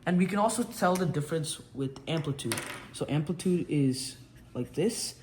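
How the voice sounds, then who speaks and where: A man's voice: on the high side, animated, normal speed, a little mellow. A young man explaining physics as a casual tutor while drawing, often restarting his sentences. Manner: casual, restarts and self-corrections. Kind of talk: whiteboard explainer lesson. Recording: roomy, faint background noise.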